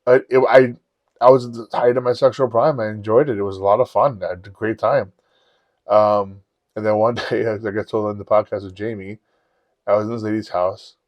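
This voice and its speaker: A man's voice: fairly low pitch, fairly even intonation, fairly quick, no room sound, muffled recording. Profane man telling stories. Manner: profane, rambling, acts out quotes. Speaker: podcast host. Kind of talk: casual storytelling.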